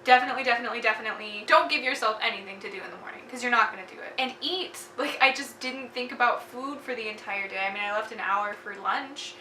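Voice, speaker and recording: A woman's voice: on the high side, quick pace, few pauses, bright, forceful tone, reverberant, far from the mic, a little hiss or hum, low-quality recording. A young woman with a Texan accent telling a gushing, casual story about her day, full of "like" and little laughs. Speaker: book vlogger.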